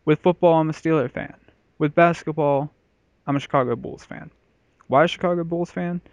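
A man's voice: a little high, steady tone, moderate pace, no echo, muffled recording. A man in his thirties hosting a podcast in casual, rambling, profane chat. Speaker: podcast host.

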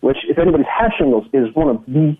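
A man's voice: a little high, animated, fast, a crowd in the background. A middle-aged man from Canada, a guest giving an earnest personal testimony in conversation and retelling it with frequent restarts. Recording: tinny phone-line sound.

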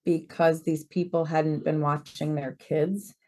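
A woman in her forties with a slightly low voice, talking as a guest in a relaxed interview. She tells stories in a lively, animated way and slips into the voices of the people she quotes. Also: unhurried. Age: 40s. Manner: lively storyteller who acts out quoted dialogue. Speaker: real estate broker, podcast guest. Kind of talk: conversational interview storytelling.

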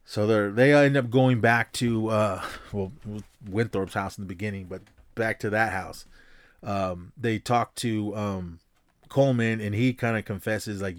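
A man hosting a podcast, casually recapping a film in a rambling, halting way, with lots of fillers and restarts and the odd chuckle. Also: fairly low pitch, steady tone, no room sound. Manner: chuckles while retelling. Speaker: podcast host.

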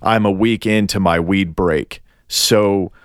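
A man co-hosting a podcast, chatting casually and teasing his co-host with a lively, joking manner. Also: low voice, slow pace, dry recording, studio quality. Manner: teasing, animated, profane. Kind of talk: casual chat. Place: Los Angeles area.

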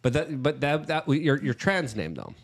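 A man's voice: fairly high pitch, very animated, husky. A man co-hosting a political podcast, bantering and joking with guests, then reading out how members can join. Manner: joking, laughing, quick bursts. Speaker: co-host.

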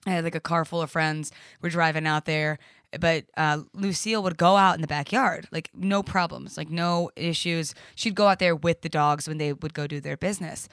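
A woman's voice: low voice, steady tone, normal speed, a bit bright, no room sound. A woman guest on a podcast, telling a long personal story in a rambling, profane way full of fillers like "like" and "uh," recorded in a studio. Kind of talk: casual storytelling chat.

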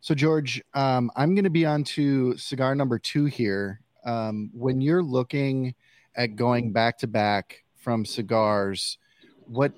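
A male host asking a guest questions in a relaxed, casual way. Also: mid-range voice, slow pace, dry recording. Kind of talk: casual interview.

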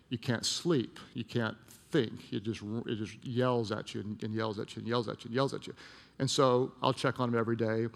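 A man preaching a sermon, telling a story with emphatic repetition and dropping soft and slow at emotional points. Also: medium pitch, creaky, in a large hall. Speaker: pastor.

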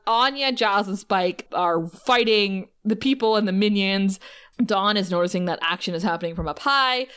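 A woman's voice: mid-range voice, moderate pace, a bit bright, clean tone. A woman co-hosting a podcast, recapping a TV episode in a giggly, rambling casual chat. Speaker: podcast co-host.

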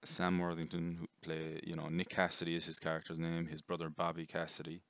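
A man's voice: low-pitched, monotone, brisk, fairly bright tone, dry recording, clean studio sound. A young man rambling casually through a jokey film review, swearing and correcting himself often.

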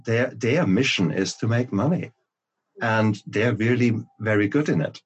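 A man's voice: fairly low pitch, measured pace, slightly rough. A man who is an author and guest on a podcast, talking emphatically with frequent restarts. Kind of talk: podcast conversation.

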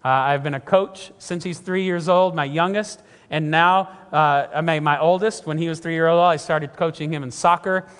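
Middle-aged male pastor, emphatic sermon delivery, high pitch, long hall reverb. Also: steady tone, normal speed, few pauses, fairly bright tone, smooth. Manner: earnest, emphatic preaching, often repeats himself.

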